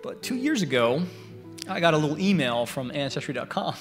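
A middle-aged man preaching a sermon at a church service, telling stories in an animated way and swinging between loud bursts and hushed prayers. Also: fairly high pitch, brisk, soft background music. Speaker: guest preacher.

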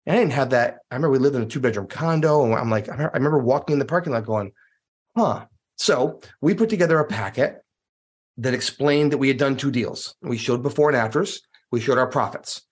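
A man's voice: medium pitch, fast talker, breathy edge. A man on a podcast telling stories casually and animatedly, acting out dialogue in different voices. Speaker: podcast guest, real estate investor. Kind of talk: casual interview storytelling.

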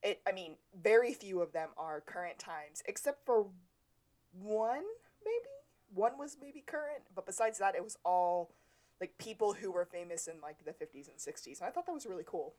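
A woman co-hosting a podcast at a middling pitch, her sentences wandering loosely as she chats. She speaks in a friendly way and turns to address the listeners directly. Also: expressive, normal speed, darkish tone. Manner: rambling, friendly, talks straight to listeners. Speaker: podcast co-host. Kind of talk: casual podcast chat.

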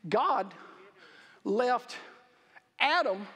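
A man preaching a sermon, emphatic, with halting restarts and drawn-out stresses on key words. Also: very high voice, animated, fairly bright tone, husky. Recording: reverberant hall.

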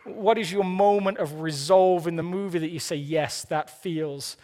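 A man's voice: high voice, fairly even intonation, fairly quick, dark tone. A man preaching a sermon, earnest with playful asides, often repeating the first word of a phrase. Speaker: pastor.

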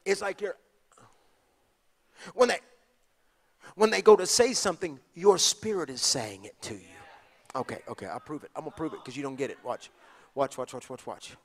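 A man preaching a sermon, moving from hushed asides to shouted, passionate lines. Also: on the high side, animated, normal speed, pauses often, slightly rough. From Texas. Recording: long hall reverb.

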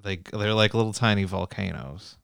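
A man's voice: lowish voice, moderate pace, gravelly, fairly bright tone, clear, resonant tone, no room sound. A man co-hosting a podcast, joking in casual banter with frequent restarts. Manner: jokey, rambling with restarts. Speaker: podcast co-host.

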